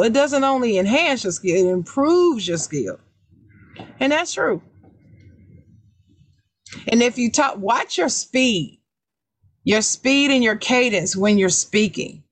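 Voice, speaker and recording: Loud, emphatic woman podcast host. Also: a little high, lively intonation, no room sound. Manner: emphatic, repeats key words; deliberately raised, loud speaking voice. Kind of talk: casual advice chat.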